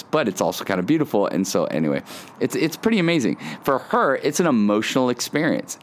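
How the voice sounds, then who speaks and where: A man hosting a weekly devotional podcast, talking in a relaxed, conversational way with frequent fillers and restarts. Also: medium pitch. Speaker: podcast host.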